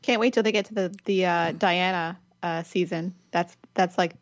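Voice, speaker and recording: A woman's voice: fairly low pitch, fairly even intonation, normal speed, no room sound. Female podcast co-host, gabby and amused, lo-fi dry recording. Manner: chatty, laughs often, repeats "it's fantastic". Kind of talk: casual chat. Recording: dull lo-fi sound, dry.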